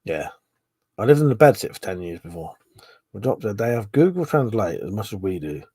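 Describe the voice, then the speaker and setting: Drunk man, husky low voice, dry sound, swearing, laughing, rambling live chat. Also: big pitch swings, brisk, darkish tone, dry recording. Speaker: livestream host. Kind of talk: casual live chat reading viewer comments.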